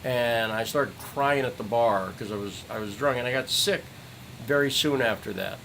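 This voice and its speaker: An angry middle-aged man in a livestream rant, voice of ordinary pitch, swearing and hammering the same phrases again and again. A faint hum sits under the recording. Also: normal speed, vocal fry, fairly bright tone, poor audio. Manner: furious, profane, repeats phrases for emphasis. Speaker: citizen journalist streamer.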